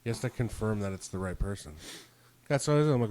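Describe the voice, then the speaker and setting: A man's voice: lowish voice, animated, quick pace, mellow. A man on a podcast, telling a story in casual chat, acting out both sides of phone calls and swearing freely. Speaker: podcast co-host.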